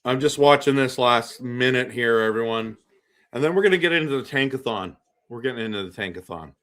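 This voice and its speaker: A man hosts a casual live stream, reacting to a hockey game and reading viewer comments aloud while rambling and repeating himself. His medium-pitched voice runs a little fast with a fairly bright tone.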